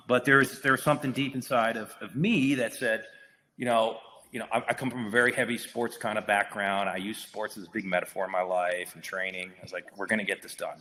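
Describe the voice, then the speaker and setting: Low-voiced man telling a profane story. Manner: profane, excited storytelling with many restarts. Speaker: actor guest. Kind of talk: casual interview storytelling. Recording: long reverb hall with faint noise.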